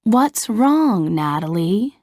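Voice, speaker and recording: A woman's voice: mid-range voice, big pitch swings, takes it slowly, warm tone, no echo, clean studio sound, heavily acted. A woman voicing an adult male film director, calling out instructions in a lifted, emphatic voice. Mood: friendly.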